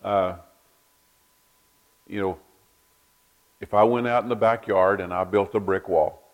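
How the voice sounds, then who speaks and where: A man's voice: on the low side, fairly even intonation, unhurried. A man preaching a sermon, folksy storytelling that repeats words as he builds each point. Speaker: pastor.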